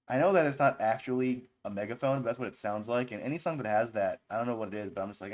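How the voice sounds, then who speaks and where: A man's voice: lowish voice, fairly quick. Rambling, joking male streamer. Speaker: streamer reviewing viewer songs. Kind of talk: casual live-stream commentary.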